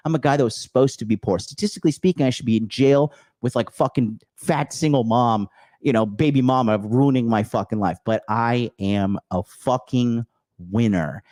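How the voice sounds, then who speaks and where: A man's voice: mid-range voice, a little mellow. A man hosting his own show, delivering a profane, aggressive rant straight to his audience, cursing and repeating himself for emphasis. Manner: aggressive, cursing, repetitive ranting; mocks opponents in sneering quoted voices. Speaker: podcast host. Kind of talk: profane angry rant to camera.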